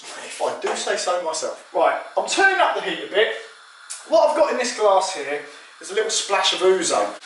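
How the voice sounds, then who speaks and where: A man's voice: high-pitched, sing-song, normal speed, noisy background. A man hosting a cooking show, chatting casually and explaining each step as he cooks. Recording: roomy kitchen echo, distant mic.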